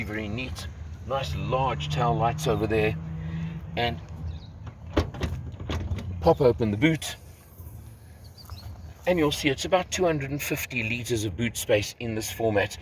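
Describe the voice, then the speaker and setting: A man's voice: medium pitch, far from the mic, a little hiss or hum, rough recording. A man, enthusiastically walking around a car and pointing out its details in a review, recorded outdoors. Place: outdoors beside a car at a launch.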